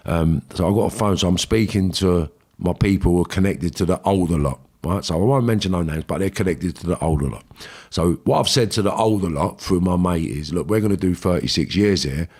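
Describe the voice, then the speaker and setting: A man with a London accent tells a long story in a casual podcast chat. His voice sits fairly low, and he talks bluntly, swearing freely as he acts out the voices of the people in his tale. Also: fairly quick, darkish tone, slightly rough. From England. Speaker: podcast guest.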